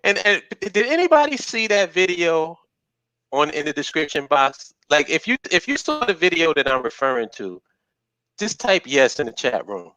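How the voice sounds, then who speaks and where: A man's voice: on the high side, very animated, moderate pace, sharp tone, low-quality recording. A man on a live stream discussion who talks in a sarcastic, profane way. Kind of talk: casual discussion.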